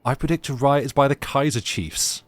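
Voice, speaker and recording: A man's voice: medium pitch, normal speed, no room sound. A young British man streaming a game, chatting sarcastically and reading game text aloud. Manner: sarcastic, rambling, laughs often.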